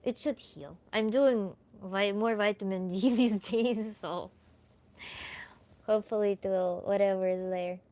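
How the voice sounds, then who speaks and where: A woman with a Russian accent talks casually to her livestream viewers as a tantra coach. Her pitch sits in an ordinary middle range. She laughs lightly through her answers and often fills pauses with "like.". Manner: relaxed, chatty, laughs often, many "like" fillers. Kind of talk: livestream Q&A chat.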